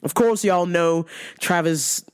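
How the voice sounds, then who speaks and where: A woman's voice: on the low side, slow, a little mellow, clean tone. A woman hosting a casual chat show who swears freely, laughs often and tells stories animatedly. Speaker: host.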